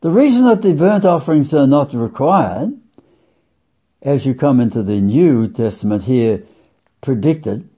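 Slow, emphatic husky male preacher. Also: lively intonation. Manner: emphatic, sweeping swings in pitch and loudness; slow, deliberate, drawn-out phrasing. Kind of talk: sermon. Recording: dull lo-fi recording.

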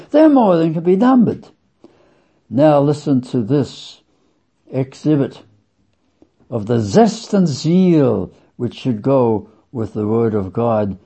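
A man preaching a sermon, emphatic and deliberate, stretching key words and swinging his voice up for stress. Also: husky. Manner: emphatic, sweeping swings in pitch and loudness; slow, deliberate, drawn-out phrasing. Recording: dull lo-fi recording.

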